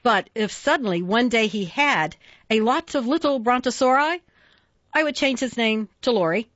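A woman reading children's poems aloud in a playful, expressive sing-song way. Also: on the high side, normal speed, no room sound, highs cut off. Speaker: reader.

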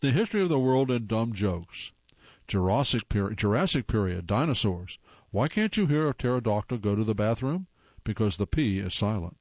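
A man's voice: on the low side, big pitch swings, normal speed, darkish tone, dry recording, lo-fi sound. A man hosting a show, casually reading corny jokes aloud and groaning wryly at how bad they are. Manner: reads jokes then groans at them wryly.

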